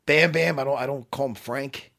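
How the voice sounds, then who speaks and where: A middle-aged man, bantering loudly and crudely on a radio show in a studio. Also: medium pitch, normal speed, creaky, no echo. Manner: loud, profane, jokey, animated.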